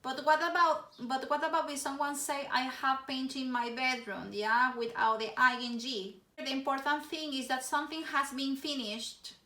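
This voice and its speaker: High bright woman teaching. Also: recorded from a distance. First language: Spanish. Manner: explains slowly, tags "yeah?" after points. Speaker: English teacher. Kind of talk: online grammar lesson. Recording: echoey room, voice off-mic.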